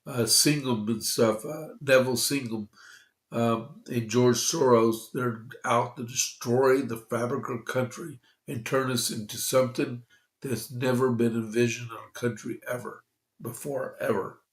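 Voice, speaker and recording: Slow, congested male news podcaster. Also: mid-range voice, fairly even intonation, reverberant. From Texas. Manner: slow, halting, with frequent fillers and restarts. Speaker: podcast host. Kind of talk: conservative news commentary, reading opinion pieces.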